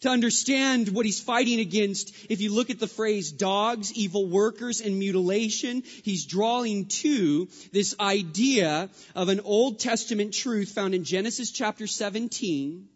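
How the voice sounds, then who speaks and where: A male pastor preaching a sermon, emphatic, repeating refrains and swinging between loud and hushed lines. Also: high-pitched, a little slow, hardly any pauses. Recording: dull sound with long hall reverb.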